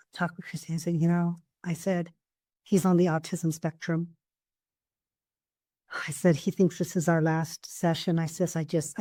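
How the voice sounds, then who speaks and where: A fairly low-pitched female voice, recorded with no echo, belongs to a coach and therapist chatting casually on a podcast. She shares warm, heartfelt anecdotes in an earnest, conversational manner.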